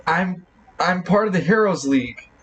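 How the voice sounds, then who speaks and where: A man voicing a furious, threatening female hero in a tabletop game, pitching his voice up. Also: animated, normal speed, fairly bright tone. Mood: angry. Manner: snapping, raises pitch for a woman.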